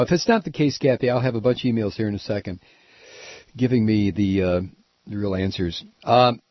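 A male talk radio host rambles through sardonic commentary and keeps stopping on "uh" and false starts. His voice is husky and sits in a middle pitch. The recording is dry and dull, with a lo-fi broadcast sound. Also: no room sound. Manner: rambling, hesitant, sardonic, many "uh"s. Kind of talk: casual on-air commentary.

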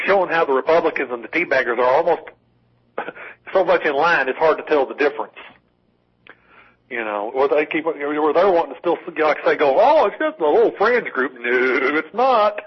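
A man's voice: mid-range voice, husky. A man co-hosting a casual political talk radio show, rambling with many restarts and wry asides. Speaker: call-in co-host. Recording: dull lo-fi radio broadcast.

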